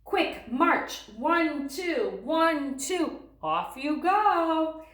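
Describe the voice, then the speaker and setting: A woman's voice: high-pitched, very animated, a bit bright, pitched above the performer's own voice, full character voice. Woman playing a cheery bossy dad, barks orders, bouncy voice, echoey room. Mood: commanding. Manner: brisk and commanding. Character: cheerful bossy father taking charge.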